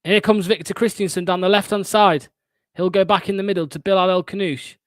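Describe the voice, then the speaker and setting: A man's voice: sits high, steady tone, brisk, a bit bright, no echo, clean studio sound. A young man hosting a fan watchalong, giving live play-by-play with blunt, sarcastic asides and swearing.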